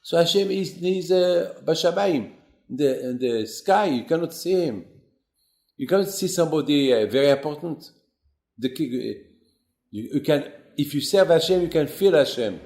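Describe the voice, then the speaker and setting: Animated storytelling man. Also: moderate pace, creaky, roomy sound. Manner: animated storyteller, acts out quotes with rising pitch. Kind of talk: Torah class storytelling.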